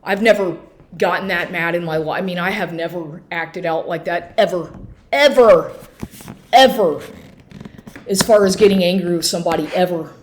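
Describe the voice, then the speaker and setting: A woman's voice: fairly low pitch, fairly even intonation. Agitated woman telling a story to her phone. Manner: agitated, halting, many restarts and swearing. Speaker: vlogger. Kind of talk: emotional personal account to camera. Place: at home, inside and on the porch.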